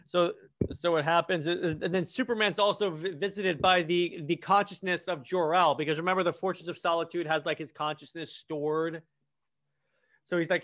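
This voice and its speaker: A man's voice: on the high side, fairly even intonation, moderate pace, fairly bright tone. A man casually retelling a comic storyline, rambling with many restarts and false starts. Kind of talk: casual comic plot recap.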